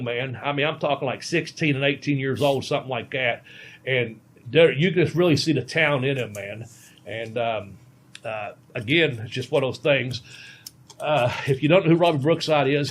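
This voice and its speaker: A middle-aged man, a veteran pro wrestler, telling a long casual podcast story with many ums and restarts. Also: mid-range voice.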